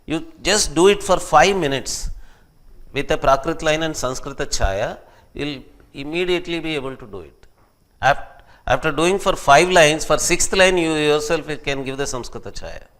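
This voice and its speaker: A professor gives a classroom lecture, explaining in an animated way and acting out quoted speech. His voice is fairly high at a moderate pace.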